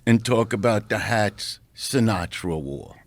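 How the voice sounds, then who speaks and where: This podcast's comedian guest, a man, tells a brash, profane showbiz story with animation, working up to punchlines on a close studio mic. His lowish voice moves at a measured pace in a dry recording.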